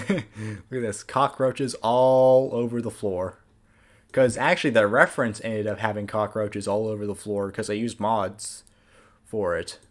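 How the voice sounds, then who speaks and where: Male series creator doing a casual commentary voice-over; somewhat low voice, loose and rambling. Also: fairly even intonation, measured pace, faint music behind. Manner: casual, rambling, with many fillers.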